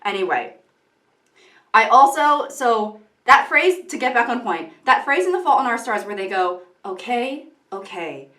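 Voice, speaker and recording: In an echoey room, a young woman vlogs with casual, rambling commentary, interrupting herself with tangents and giggles. Her voice is fairly high with big pitch swings, a sharp tone, and normal speed.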